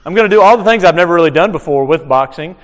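High-voiced conversational male preacher. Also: rapid-fire, big-room sound. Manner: conversational, animated, frequent restarts. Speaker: chaplain preaching. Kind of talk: sermon. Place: chapel on a military base.

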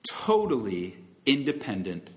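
A pastor preaches a sermon, emphatic and unhurried, his pitch swooping wildly as he climbs to loud, high peaks and sinks low and soft. He addresses his listeners as friends and as brothers and sisters.

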